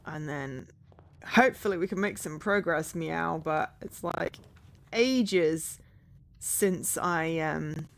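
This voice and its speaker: A woman streaming a puzzle game, tacking a meow onto nearly every phrase as a dare while she thinks aloud with many pauses, sounding tired late at night. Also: deep voice, gravelly. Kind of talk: casual charity stream commentary.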